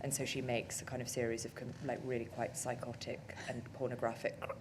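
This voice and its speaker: A woman's voice: extremely low pitch, level tone, brisk, noisy background. A woman film director talking in an on-stage interview, chatty and self-deprecating, with lots of fillers. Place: on stage at a cinema talk event.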